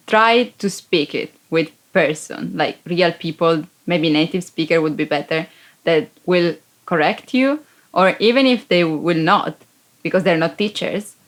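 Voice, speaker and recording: Chatty woman giving advice. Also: fairly low pitch. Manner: chatty, laughs between phrases. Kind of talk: casual advice.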